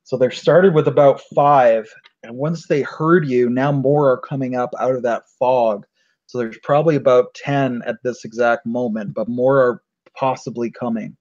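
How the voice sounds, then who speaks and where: A man who is game master, narrating a tabletop game in a relaxed way, with plenty of fillers. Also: mid-range voice, moderate pace. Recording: dull lo-fi recording.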